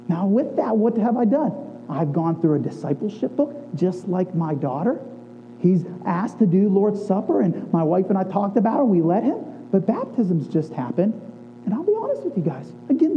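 A man in his thirties, a pastor giving an earnest sermon, telling personal family stories and dropping to quiet emphasis. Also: extremely high pitch. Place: church sanctuary. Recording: dull recording in a large reverberant hall with faint hum.

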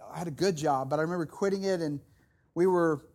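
A middle-aged man preaching a sermon as pastor, earnest and personal, building to loud emphatic repetition. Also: a little high, fast. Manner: earnest, personal storytelling with restarts.

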